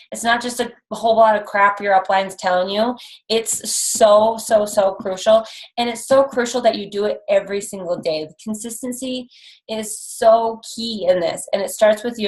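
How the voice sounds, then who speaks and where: A young woman in her twenties coaching her team on a call. She talks in a chatty, encouraging way and leans on casual fillers. Her voice sits at an ordinary middle pitch. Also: rough recording. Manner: chatty, upbeat, lots of likes and ums. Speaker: coach trainer. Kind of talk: motivational call to a sales team.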